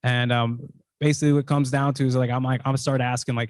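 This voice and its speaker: Male speaker at a podium, middle pitch, informal storytelling with lots of restarts, dry sound. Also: little pitch movement, quick pace, no room sound. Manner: conversational, heavy use of "like", frequent restarts. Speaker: invited speaker. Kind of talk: personal storytelling talk.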